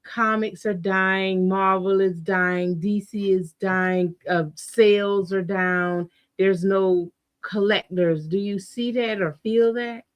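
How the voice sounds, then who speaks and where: Woman host, slow and unhurried questions, dull lo-fi audio. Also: medium pitch, steady tone. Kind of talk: casual chat.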